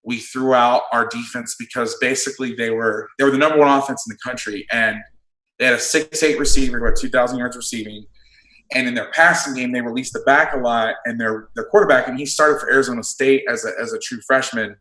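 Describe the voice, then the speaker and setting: A man who coaches football, breaking down defensive play calls in a casual chat, blunt and quick to swear. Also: medium pitch, steady tone, sharp tone. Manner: blunt, swears freely, explains plays in detail. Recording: roomy echo.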